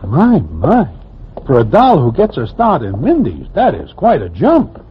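An actor playing a wry, slang-talking Broadway storyteller and narrator in an old radio drama. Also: male voice, a little high, huge pitch swings, measured pace, slight background noise. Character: wry easygoing male Broadway storyteller, middle-aged. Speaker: narrator and character called Broadway. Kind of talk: 1940s radio drama acting. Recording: dull old radio recording.

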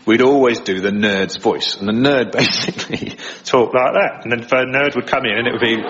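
In a conversational radio studio interview, a male impressionist guest laughs frequently while chatting. He speaks a little fast in a mid-range, fairly bright voice, captured with lo-fi sound.

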